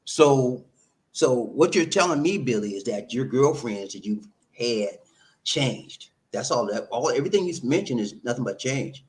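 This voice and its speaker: A middle-aged man hosting a live stream, giving relationship advice in a loose, animated, repetitive way and laughing often. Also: mid-range voice, normal speed. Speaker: host answering viewer comments.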